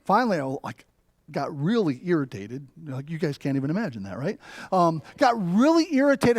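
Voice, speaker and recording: A man's voice: on the high side, very animated, brisk, darkish tone, no room sound, clean studio sound. A middle-aged man preaching a sermon as pastor, telling stories with rhetorical asides. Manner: storytelling with rhetorical "right?" asides. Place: church.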